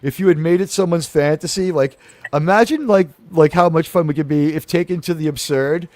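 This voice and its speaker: A man hosting a casual comedic talk show, animated and rambling, with many restarts. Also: a little high, fairly quick.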